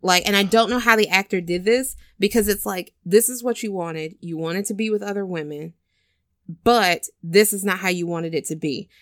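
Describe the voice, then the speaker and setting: A woman in an easygoing conversation, retelling scenes with lots of filler words and little acted bits. Her voice sits at a middle pitch for a woman. The sound is close and dry, with no room echo. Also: normal speed, a bit bright. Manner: chatty storyteller, many "like"s, acts out scenes. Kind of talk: casual chat recapping a film.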